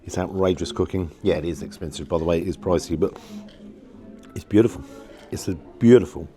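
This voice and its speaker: A man reviewing a restaurant meal in a casual vlog, talking excitedly and repeating his exclamations. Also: low voice, fairly quick, faint music behind. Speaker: food vlogger. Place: restaurant, then outdoors in the street.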